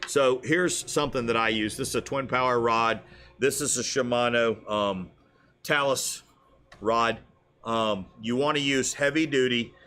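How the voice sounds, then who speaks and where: A man co-hosting a casual fishing show, telling stories with lively put-on voices and frequent laughs. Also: mid-range voice, a little slow. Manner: animated storyteller, laughs often.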